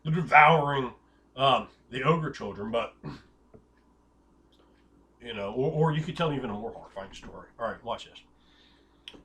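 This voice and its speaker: A man giving tabletop game master advice in an excitable, hyperbolic way, rambling with restarts and jokey tangents. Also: mid-range voice, normal speed, pauses often. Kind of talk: casual advice talk.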